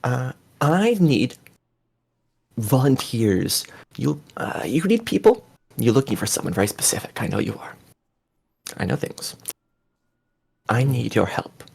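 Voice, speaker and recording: A man's voice: medium pitch, sing-song, unhurried, creaky, long pauses, a little mellow, husky, pitched above the performer's own voice, exaggerated voice. A man doing a rambling, cryptic seer.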